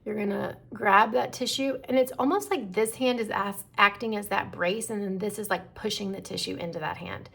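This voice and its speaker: A middle-aged woman, an esthetician, calmly walking viewers through a skincare demonstration and checking in often. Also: mid-range voice, normal speed, vocal fry, few pauses, slightly rough. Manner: calm instructive, checks in with "okay?".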